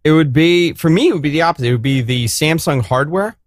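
A man's voice: a little high, animated, fast talker, no echo, clean studio sound. Ranting profane man with a New York accent. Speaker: podcast co-host. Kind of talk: casual chat.

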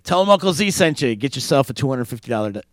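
A man's voice: medium pitch, animated, rapid-fire, no room sound. A man hosting a casual podcast, energetically plugging sponsors and a charity event. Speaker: podcast host.

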